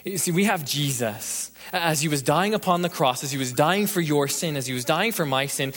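Male pastor, somewhat high voice, emphatic preaching from intense to hushed, long hall reverb. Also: lively intonation, normal speed, hardly any pauses. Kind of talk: evening sermon and closing prayer. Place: church sanctuary.

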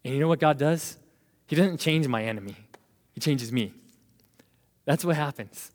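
A young man in his twenties preaching a lively sermon as a youth pastor, laughing now and then and acting out what people say. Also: fairly high pitch, normal speed. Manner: animated, laughs while preaching, acts out quoted voices. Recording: long hall reverb.

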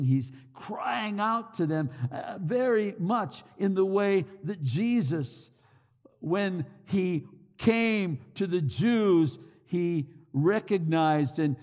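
A man preaching a sermon, earnest and pleading, repeating himself as he builds his points. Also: sits high. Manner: slow, earnest, pleading with many repetitions. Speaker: pastor. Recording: long hall reverb.

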